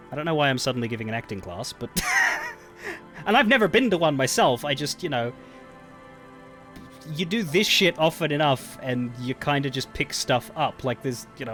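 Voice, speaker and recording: A man's voice: medium pitch, a bit bright. Rambling man streamer. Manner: rambling, self-interrupting, frequent restarts. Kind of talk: casual live-stream commentary.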